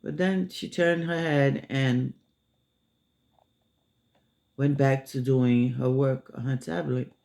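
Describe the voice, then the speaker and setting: A man telling a story casually, unhurried, with many filler pauses. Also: medium pitch, fairly even intonation, creaky, a little mellow.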